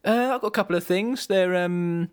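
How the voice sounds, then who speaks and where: A man co-hosting a casual podcast, chatty and playful, quick to laugh. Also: sits high, clean tone. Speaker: podcast co-host.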